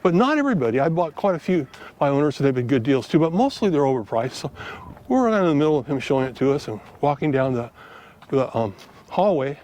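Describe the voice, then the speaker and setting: A man's voice: a little high, big pitch swings, fast talker, a little mellow. An older man, a vlogger, telling a folksy story in casual monologue and acting out both sides of the conversations in his own voice. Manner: folksy, chatty, acts out dialogue in his own voice. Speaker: vlogger giving selling tips.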